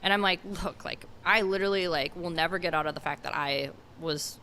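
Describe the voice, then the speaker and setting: A woman's voice: on the low side, brisk, pushed and bright, a little hiss or hum. A woman guest on a podcast, talking in a casual rambling way, full of fillers and restarts. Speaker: podcast guest, car detailer.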